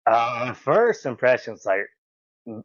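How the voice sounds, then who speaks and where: Man in his 40s, animated storyteller, dry dull podcast sound. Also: mid-range voice, slow, dry recording. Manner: animated, acts out quoted lines in a raised voice, laughs often. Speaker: podcast guest, former wrestler. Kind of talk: casual storytelling interview. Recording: dull, slightly muffled audio.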